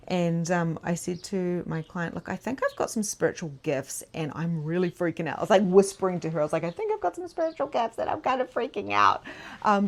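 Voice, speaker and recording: A woman coaching mediumship in a live online masterclass, telling stories in a chatty, animated way with frequent laughs and "like" fillers. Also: fairly low pitch.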